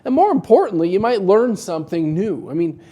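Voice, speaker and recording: A man coaching dental practice owners in a casual, joking advice talk, telling animated stories to make his point. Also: high voice, fairly quick. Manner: wry, joking, animated storytelling.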